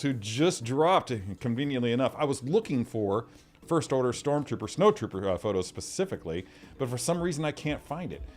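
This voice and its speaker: A man hosting a casual livestream, reading out viewer comments in a chatty way. He often repeats himself and trails off into mumbled asides. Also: mid-range voice. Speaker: livestream host.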